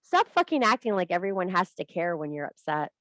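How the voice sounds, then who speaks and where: A woman's voice: lowish voice, sing-song, fairly quick, fairly bright tone, dry recording, low-quality recording. A middle-aged woman teaching a group, giving a blunt, profane tough-love talk and laughing at herself now and then. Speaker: spiritual course teacher.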